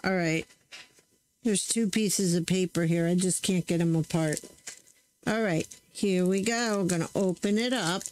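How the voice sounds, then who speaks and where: A woman's voice: fairly low pitch, measured pace, darkish tone, slight background noise, poor audio. A woman hosting a crafting channel, chatting casually to viewers while she tests stamps, often correcting herself as she works. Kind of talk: casual crafting demo chat.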